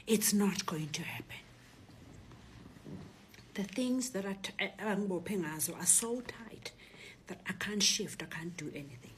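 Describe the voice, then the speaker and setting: A middle-aged South African woman, a Zulu speaker, telling a personal story in a lively way and acting out the other voices. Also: medium pitch, a little slow, long pauses, slight background noise. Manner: animated retelling, acts out voices and shouts.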